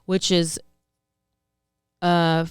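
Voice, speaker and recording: A woman's voice: fairly low pitch, level tone, drawn-out words, smooth, no room sound, studio quality. A woman co-hosting a podcast, chatting casually about true-crime news in a rambling, self-correcting way. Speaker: podcast co-host.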